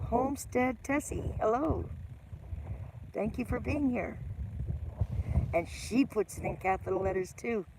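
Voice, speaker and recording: A woman's voice: a little high, unhurried, pauses often, noisy background. A middle-aged woman hosting a casual live stream, greeting viewers by name and teasing herself.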